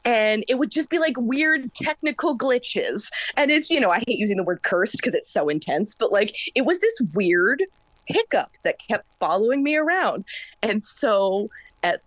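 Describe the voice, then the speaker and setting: Fast-talking, intense woman in her thirties. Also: a little high, dry recording. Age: 30s. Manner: fast, intense, animated talker. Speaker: singer-songwriter guest. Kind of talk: casual interview chat.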